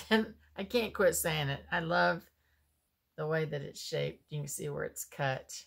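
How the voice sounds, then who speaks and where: A woman talks slowly and casually while unboxing soap, musing aloud. Her voice sits a little low and has a gravelly edge. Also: fairly bright tone. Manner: slow, chatty, musing aloud.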